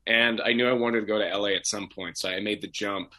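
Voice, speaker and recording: A young adult man from Oregon, a voice actor telling his backstory in a relaxed, rambling way full of fillers and restarts. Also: lowish voice, quick pace. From Portland, Oregon. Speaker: voice actor guest. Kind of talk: casual interview chat.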